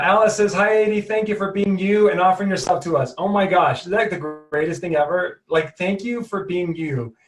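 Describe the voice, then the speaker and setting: A man hosting a live coaching webinar, upbeat and chatty, hyping up his audience. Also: high voice. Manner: upbeat, hyped, chatty, greets viewers one by one. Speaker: webinar host and trainer. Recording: roomy and distant from the mic.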